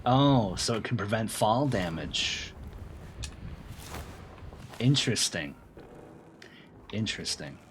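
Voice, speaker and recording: A man streaming a game, chatting casually with viewers and breaking into loud, excited outbursts between low mumbles. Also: slow pace, pauses often, a little hiss or hum. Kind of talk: casual live-stream chat.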